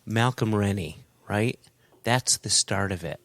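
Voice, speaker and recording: A man's voice: lowish voice, a little slow, fairly bright tone, dry recording. A man co-hosting a podcast in casual chat, emphatic and enthusiastic, talking in punchy short phrases. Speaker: podcast co-host.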